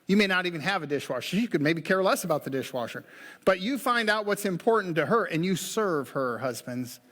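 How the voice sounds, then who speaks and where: A man's voice: high voice, lively intonation, fairly quick, fairly bright tone, long reverb tail. A man preaching a sermon on marriage as pastor, talking in a folksy way with joking asides. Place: church sanctuary.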